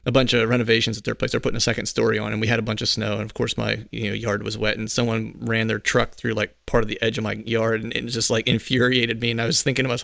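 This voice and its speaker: A man's voice: lowish voice, monotone, fast, gravelly, hardly any pauses, fairly bright tone, no room sound, studio quality. A man hosting a podcast in casual conversation, talking in a rambling way full of restarts and fillers and laughing easily. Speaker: podcast host. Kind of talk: casual interview chat.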